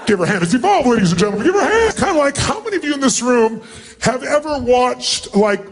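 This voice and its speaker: A middle-aged man as a motivational speaker, addressing a huge live seminar crowd in an emphatic, commanding way and often shouting instructions. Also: extremely high pitch, very animated, quick pace. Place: large event hall with thousands of people.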